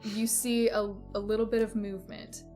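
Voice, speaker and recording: A woman's voice: medium pitch, little pitch movement, moderate pace, dark tone, soft background music. A woman narrating a tabletop game as game master, patiently explaining rules with many restarts.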